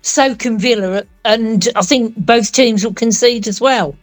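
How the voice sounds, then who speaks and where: Polite higher-voiced woman on radio panel. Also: measured pace. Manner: polite, apologetic. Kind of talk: casual radio chat.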